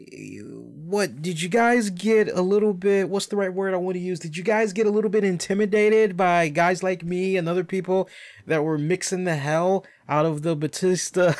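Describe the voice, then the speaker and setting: A man on a wrestling podcast rants in a loose, profane way and drops mocking impressions as he goes. His voice sits a little higher than most men's. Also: normal speed. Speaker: podcast host. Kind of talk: casual wrestling commentary.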